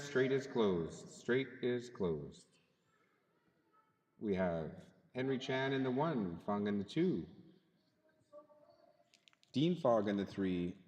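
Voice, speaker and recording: A man's voice: medium pitch, a little mellow. A man directing and announcing a live RC car race over a PA, friendly, chatty and apologetic toward the drivers. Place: indoor RC race track in a hobby shop. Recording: long reverb in a large hall.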